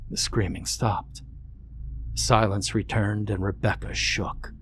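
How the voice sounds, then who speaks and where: A man narrating a horror story in a measured, suspenseful way. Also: lowish voice, slight background noise.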